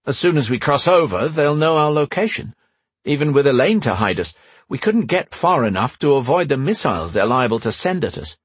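A man's voice: medium pitch, sing-song, fairly quick, husky, no echo, pitched above the performer's own voice. A man voicing a weary, sardonic young man with a dry, sarcastic manner. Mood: sardonic, wry.

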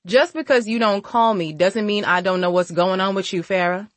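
A woman reading as a gentle caring grandmother. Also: medium pitch, moderate pace, no echo, close to an everyday voice. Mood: concerned. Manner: soft, affectionate, calls listener baby.

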